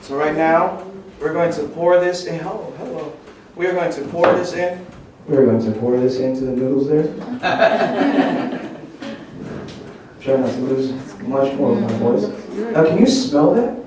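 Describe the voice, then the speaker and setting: A man's voice: fairly high pitch, normal speed, noisy background. Chatty man demonstrating a recipe in an echoey hall. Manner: chatty and joking, quizzing the audience. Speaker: cooking demonstrator. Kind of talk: live cooking demonstration. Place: large echoey church hall. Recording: very echoey hall, mic at a distance.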